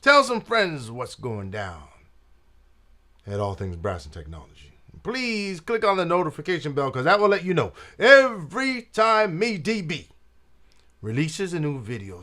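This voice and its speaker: Channel host, male, slow storytelling with a lively, swinging pitch and jazz slang. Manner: laid-back jazz slang, says "man" and "you dig". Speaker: trumpet player and channel host. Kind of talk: casual storytelling vlog.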